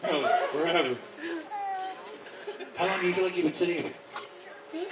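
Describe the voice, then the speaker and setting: A man as a stage hypnotist giving suggestions and counts, teasing volunteers playfully and slowing into a soothing induction. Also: high voice. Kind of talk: hypnosis show patter. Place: outdoors in a yard at night. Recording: distant camera, echoey, noisy crowd.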